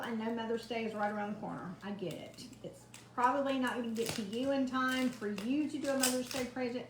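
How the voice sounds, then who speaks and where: A woman with a fairly high voice chats her way through a live craft demonstration from her home kitchen, greeting viewers by name. The kitchen sounds echoey, with faint ambience and slight background noise.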